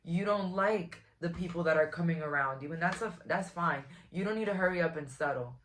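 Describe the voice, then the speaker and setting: A woman's voice: fairly low pitch, a little fast, a little hiss or hum. A woman, giving a casual, frank tarot reading to camera in a chatty, blunt way. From Brooklyn, New York. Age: 20s. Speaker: tarot reader.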